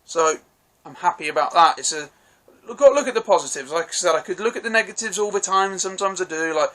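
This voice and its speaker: A man's voice: sits high, animated, quick pace, pushed and bright. A man giving a casual, rambling film review, swearing freely and restarting his sentences.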